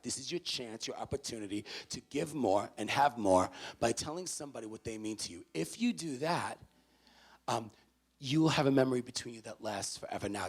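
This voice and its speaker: A man from the Bronx, giving an animated motivational talk to students in a university auditorium, swinging from hushed to loud. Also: mid-range voice, breathy edge. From the Bronx, New York. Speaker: motivational speaker.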